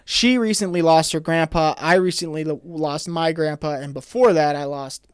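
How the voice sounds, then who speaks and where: A man's voice: on the high side, normal speed, smooth, dry recording. Laid-back guy telling stories, dry sound. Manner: laid-back, swears freely, animated storytelling. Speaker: podcast co-host. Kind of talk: casual chat.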